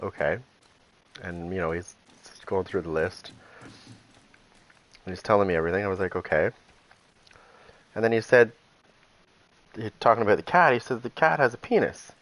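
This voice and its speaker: A man's voice: deep voice, fairly even intonation, normal speed, pauses often, fairly bright tone. A man chatting casually as a gaming streamer, telling amused, rambling anecdotes. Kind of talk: casual storytelling chat.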